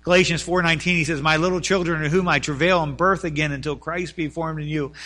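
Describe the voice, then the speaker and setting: A man's voice: on the high side, brisk, hardly any pauses, bright, forceful tone. A man preaching a sermon as pastor, building emphasis through repeated phrases and quoting scripture. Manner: preaching with rising emphasis and repetition.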